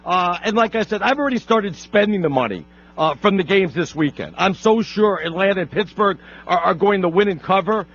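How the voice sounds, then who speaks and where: A man's voice: sits high, lively intonation, brisk, a bit bright. A man hosting a sports talk radio show, brash and boastful, often stumbling over his words and restarting. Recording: dull lo-fi radio broadcast.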